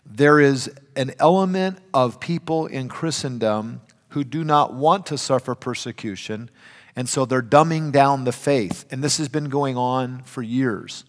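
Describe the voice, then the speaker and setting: An older man preaching a sermon, emphatic, swinging between loud and hushed. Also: medium pitch, unhurried. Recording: reverberant hall.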